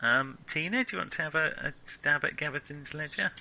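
A man's voice: on the high side, brisk, creaky, bright, forceful tone, rough recording. A man running a tabletop horror game as game master, talking casually with lots of ums and restarts. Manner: casual, hesitant with fillers.

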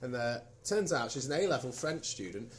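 A man telling a story in a casual group chat, animated and laughing as he goes. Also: mid-range voice, moderate pace, a little hiss or hum.

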